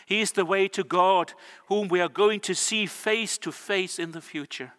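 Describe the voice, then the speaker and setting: Male preacher, earnest, drawn-out emphasis; bright, forceful tone. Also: high-pitched, fairly even intonation. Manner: earnest, slows words for emphasis. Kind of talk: sermon. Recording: long church reverb.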